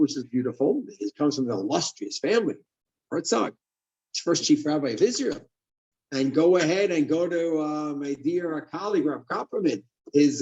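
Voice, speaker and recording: A man giving a sermon as a rabbi, lively and asking and answering his own questions. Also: high-pitched, highs cut off.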